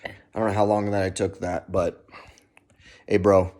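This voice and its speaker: A man's voice: deep voice, level tone, measured pace, a little mellow. A young man vlogging a casual, heavily profane self-help pep talk. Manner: heavy swearing, pep-talk.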